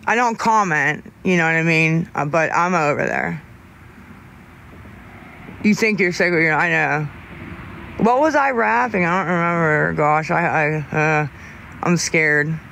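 Young male streamer, slightly raised pitch, chatty, halting and candid, with a faint hum of noise behind him. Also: creaky, pushed and bright. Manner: rambling, halting, frequent restarts and fillers; candid, talks openly about staying sober. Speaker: livestreamer answering chat. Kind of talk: casual livestream chat.

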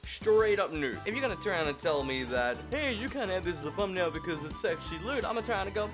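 A man playing a game aloud, reading its first-person narration and breaking off into loud, profane jokes and rants. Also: high-pitched, very animated, fast talker, hardly any pauses, music in the background. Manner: profane, loud joking outbursts. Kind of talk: let's-play commentary and first-person narration.

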